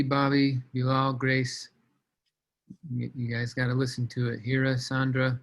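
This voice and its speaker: A man leading a sales team on a video call, coaching in a casual, energetic way and calling out team members by name. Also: mid-range voice, rough recording. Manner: energetic, casual, shouts out names.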